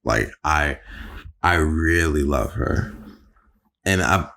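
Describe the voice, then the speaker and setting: A young man co-hosting a podcast, talking in a relaxed, slangy way full of "like" and "yo". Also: very deep voice, slow, gravelly. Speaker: podcast co-host. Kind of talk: casual chat.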